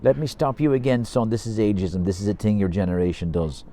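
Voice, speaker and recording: A man's voice: lowish voice, fairly even intonation, fairly quick, mellow, voice pushed up, natural voice. A man voicing a devout father in his nineties who lectures his son sternly.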